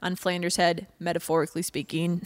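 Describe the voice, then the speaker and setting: A woman's voice: fairly low pitch, little pitch movement, fairly quick, dry recording, soft background music. Woman, podcast co-host, giggly, recapping, dry close sound. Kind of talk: casual chat.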